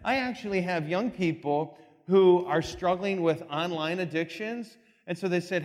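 A man preaching a sermon as pastor, telling stories with comic asides and quick laughs, in a reverberant church hall. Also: high voice, darkish tone.

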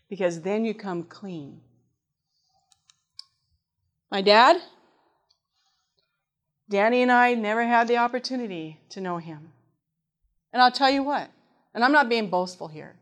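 A middle-aged woman delivers a sermon, her voice sitting slightly above the usual pitch. She speaks earnestly and reads scripture aloud. She often turns to her listeners with questions. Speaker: preacher.

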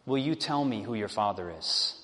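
A man voicing a gentle king in disguise who speaks in a soft, reassuring way. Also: lowish voice, animated, normal speed, voice pushed down. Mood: tender. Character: gentle hidden king, loving and patient. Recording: long reverb.

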